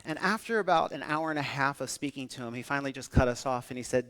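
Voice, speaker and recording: A man's voice: mid-range voice, quick pace. An American man giving a humorous conference talk, telling anecdotes and acting out voices. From United States. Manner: animated storytelling, acts out voices. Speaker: keynote speaker. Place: conference hall. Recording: long hall reverb.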